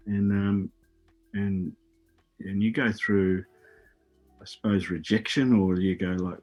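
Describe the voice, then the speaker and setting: This middle-aged Australian man, once an Olympic hurdler, rambles through stories as a radio guest, swearing casually and repeating words. His voice is fairly low, warm, and level, a little slow, on lo-fi audio with faint music behind.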